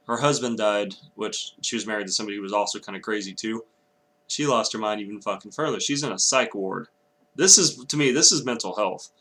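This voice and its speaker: In his vlog, a young man from Texas delivers an angry, profanity-laced rant, interrupting himself with apologies. His voice is on the low side and a bit bright.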